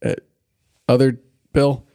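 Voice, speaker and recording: A man co-hosting a podcast in casual chat, rambling and swearing as he recaps a cartoon episode and acts out lines in quick bits. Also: mid-range voice, flat delivery, dark tone, no echo, studio quality. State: has the hiccups. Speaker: podcast co-host.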